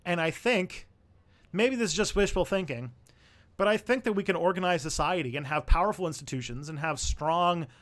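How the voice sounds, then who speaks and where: A man's voice: high-pitched, moderate pace, fairly bright tone. A young man hosting a casual livestream, answering viewer questions in a rambling way, thinking aloud with fillers and restarts.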